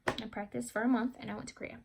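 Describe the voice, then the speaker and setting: A woman's voice: fairly high pitch, flat delivery, racing, vocal fry, background noise. A young woman vlogger casually retelling a story to camera, rambling and correcting herself as she goes.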